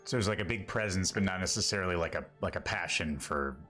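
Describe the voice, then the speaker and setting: A man taking his turn as a player in a live tabletop game, relaxed and halting as he thinks aloud. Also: low-pitched, faint music behind. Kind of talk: casual live-play tabletop chat.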